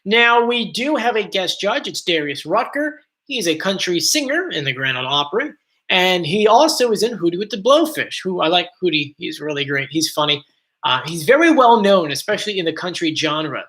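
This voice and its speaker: A man's voice: sits high, very animated, normal speed, bright, forceful tone. A man with a South Jersey and Philadelphia accent, chatting casually on a live stream and rambling as he reads out viewer comments.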